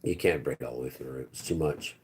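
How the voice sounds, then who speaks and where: Deep-voiced man in his fifties rambling to live chat. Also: a little fast, a little mellow. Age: 50s. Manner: rambling, talks straight to chat, trails off into low mutters. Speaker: livestream host.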